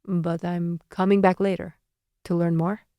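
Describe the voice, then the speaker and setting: A woman voicing a blunt, aloof man who is a horse in human form, speaking tersely and quietly in an audiobook. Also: lowish voice, level tone, unhurried, dry recording.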